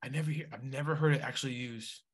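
A man from Rhode Island hosting a casual chat, reacting loudly and with animation. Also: medium pitch, fairly even intonation, quick pace.

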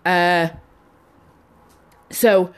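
A woman's voice: lowish voice, steady tone, drawn-out words, clean tone. Frank, sweary woman. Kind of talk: casual chat.

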